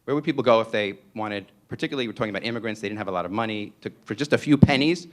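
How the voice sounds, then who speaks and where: A man with a New York accent gives a public lecture in a somewhat low voice. He is playful and digressive and keeps tossing rhetorical "right?"s at the audience. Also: racing.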